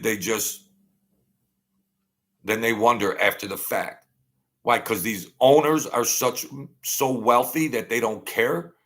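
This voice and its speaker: A man's voice: mid-range voice, a bit bright. A man giving opinionated commentary as a podcast guest, emphatic, with frequent stumbling restarts.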